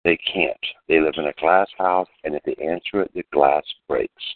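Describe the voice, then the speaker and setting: A man's voice: rumbling low, steady tone, normal speed, a little hiss or hum. A man co-hosting a radio talk show who speaks emphatically in short preaching phrases. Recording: dry, tinny phone-like sound.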